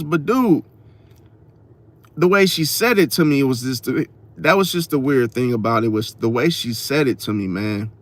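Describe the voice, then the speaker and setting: A man telling a story in a casual vlog, slangy and profane, talking straight to his viewers with lively emphasis. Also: mid-range voice. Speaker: astrology vlogger.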